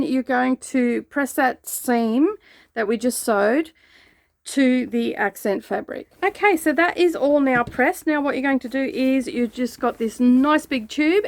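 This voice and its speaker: Chatty woman teaching a sewing project. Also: high-pitched. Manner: relaxed, chatty instructions with frequent "okay" and "all right". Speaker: sewing channel host. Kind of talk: step-by-step craft tutorial.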